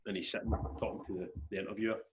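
A man's voice: on the low side, level tone, racing, dull audio, slight background noise. A young Scottish man chatting casually as a podcast co-host, rambling and swearing freely. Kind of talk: casual chat.

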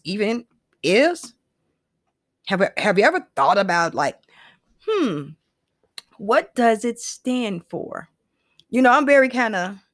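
A woman's voice: fairly high pitch, a bit bright, no echo, studio quality. A woman giving casual opinion commentary, rambling and profane, with lots of asides and fillers.

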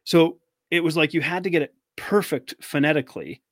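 A man's voice: a little high, brisk, no room sound, studio quality. A man from Canada telling stories in casual chat as a guest, full of fillers and easy laughs.

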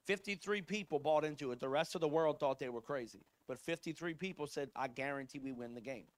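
A man's voice: on the high side, fairly quick, no room sound. A man preaching a sermon as pastor, telling a story in a casual, conversational way with frequent asides. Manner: conversational storytelling, fillers like "like" and "right?".

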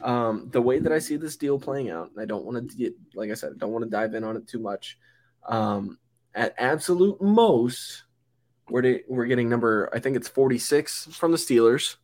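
A man's voice: mid-range voice, lively intonation, moderate pace, darkish tone. A young man co-hosting a football podcast, chatting casually and rambling with many fillers and restarts. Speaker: podcast co-host. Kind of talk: casual sports chat.

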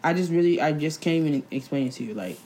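A young woman co-hosting a casual podcast chat, blunt and animated, filling her talk with "like.". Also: sits low, fast. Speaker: podcast co-host.

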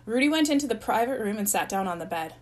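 A woman's voice: on the high side, quick pace, poor audio. Woman reading a story aloud. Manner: even storytelling narration. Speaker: reader.

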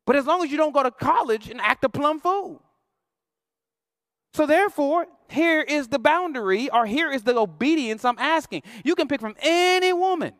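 A man's voice: very high voice, lively intonation, normal speed, fairly bright tone, no room sound, clean studio sound. A male pastor preaching a sermon in a playful, slangy, conversational way, acting out quoted voices.

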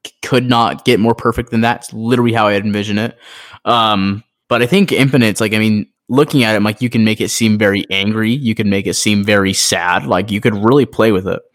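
Excitable rambling male podcast co-host. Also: fairly low pitch, brisk. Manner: excitable, rambling with many fillers. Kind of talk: casual chat.

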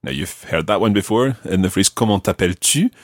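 A man hosting a podcast language lesson, teaching patiently and slowing down to spell out each phrase. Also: deep voice, animated, no echo, studio quality.

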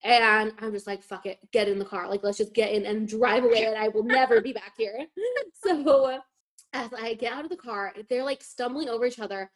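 A woman's voice: a little high, moderate pace. A young woman casually telling a story on a podcast, swearing often and acting out what everyone said. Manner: animated, swears often, acts out quotes.

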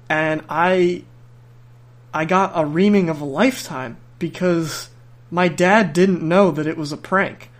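A young man with a slightly high voice tells a story on a podcast. He rambles, restarts his sentences and laughs through the telling. His talk is relaxed and chatty. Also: measured pace. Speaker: podcast host. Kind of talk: casual storytelling.

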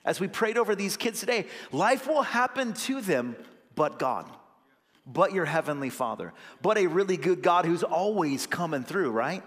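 A man's voice: sits high, lively intonation, moderate pace, a bit bright, big-room sound. A young adult male associate pastor delivering a sermon, earnest and conversational, swelling into emphatic bursts. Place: church sanctuary.

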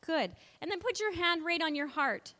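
A woman with a high voice leads a children's Bible lesson. She talks in a coaxing way and keeps asking the kids questions and inviting them to take part. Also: lively intonation, normal speed, sharp tone, dry recording. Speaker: children's church teacher.

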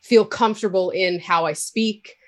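A woman with a Cape Breton accent, a podcaster talking candidly as an interview guest, with a loud laugh. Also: medium pitch, fairly even intonation, normal speed. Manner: candid, laughs loudly, swears freely. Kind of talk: casual interview talk.

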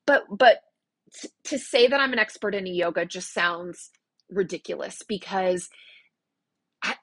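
Forties yoga teacher lady chatting away, kinda husky, close dry sound. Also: medium pitch, fairly bright tone, no room sound. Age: 40s. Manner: chatty, repeats words, frequent fillers and laughs. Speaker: yoga teacher and life coach. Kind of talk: casual teaching talk.

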